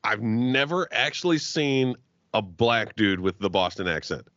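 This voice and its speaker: A low-pitched man riffing crudely on a podcast, cursing constantly and breaking into laughter between half-finished sentences. His voice is close and dry with little room sound. The recording is a bit dull and muffled. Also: lively intonation, a little slow, fairly bright tone, dry recording. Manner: profane, joking, laughs often, trailing restarts. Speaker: podcast co-host. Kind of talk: crude comedic podcast banter.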